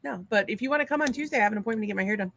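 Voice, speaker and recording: A woman's voice: medium pitch, very fast, creaky, a bit bright. A woman co-hosting a casual live stream, talking bluntly and swearing freely. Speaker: co-host.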